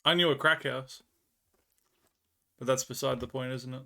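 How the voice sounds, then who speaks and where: A man's voice: mid-range voice, fairly even intonation, moderate pace, gravelly, sharp tone. A man with an Australian accent chatting with viewers on a live stream, telling rambling stories and laughing often. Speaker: livestreamer. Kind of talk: casual chat with viewers.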